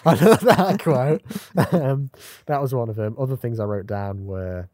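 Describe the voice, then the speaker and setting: A man's voice: medium pitch, normal speed, a little mellow, dry recording, studio quality. A man co-hosting a podcast, chatting casually and quoting favourite lines, often breaking into laughter. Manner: quotes lines with bursts of laughter. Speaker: podcast co-host.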